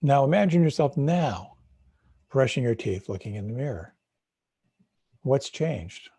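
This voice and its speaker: A man's voice: medium pitch, animated, measured pace, dark tone, slightly rough, dry recording. A middle-aged man giving a live meditation talk, reflective, asking questions aloud and circling back on his words. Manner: reflective, asks questions aloud, repeats words when restarting. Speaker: meditation teacher.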